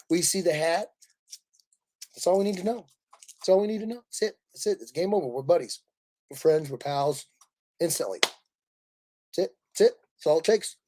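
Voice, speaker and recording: Livestream host, male, a little higher-pitched, excitable rambling storyteller chatting with viewers. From Kansas City, Missouri. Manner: animated, laughing, rambling storyteller. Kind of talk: casual livestream chat.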